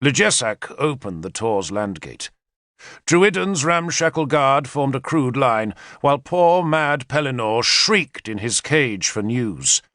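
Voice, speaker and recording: A man reading a historical novel aloud as narrator, in a measured first-person storytelling manner. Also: medium pitch, no room sound, clean studio sound. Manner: measured storytelling with lively intonation. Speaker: audiobook narrator.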